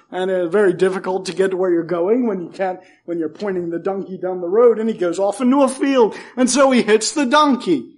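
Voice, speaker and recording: A man's voice: high-pitched, darkish tone. A male pastor teaching a Bible passage in a sermon, retelling it as a folksy story with humorous asides.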